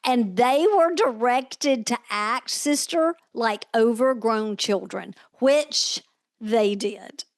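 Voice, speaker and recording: A woman with a Southern US accent co-hosting a movie podcast, chatting in an animated way that drifts into a drawl. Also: fairly high pitch, slow pace, no room sound, studio quality. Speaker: podcast co-host. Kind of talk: casual movie discussion.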